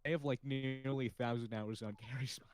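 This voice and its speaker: A man's voice: medium pitch, fairly even intonation, fairly quick, low-quality recording. A man hosting a casual podcast chat, with a slightly nasal voice, who talks freely, swears casually and laughs often. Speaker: podcast host.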